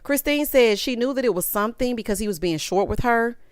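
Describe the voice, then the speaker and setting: Sassy woman dishing on reality tv, smooth clear voice, dry close sound. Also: on the high side, lively intonation, fairly quick, no room sound. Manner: sassy, exasperated, quotes people in voices. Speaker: reality TV recap host. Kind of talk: casual commentary recap.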